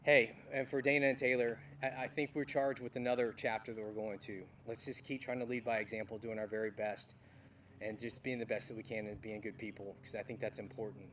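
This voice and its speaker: A man's voice: on the low side, a bit bright, distant mic, a little hiss or hum. A middle-aged man, a departing army general, giving a heartfelt farewell speech with folksy asides at an outdoor military ceremony.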